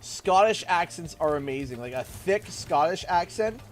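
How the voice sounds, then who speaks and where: A Canadian man live-streaming a game, excitable and thanking viewers over and over. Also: fairly high pitch, normal speed. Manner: excitable, thanks donors warmly and often. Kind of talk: live gameplay stream chat.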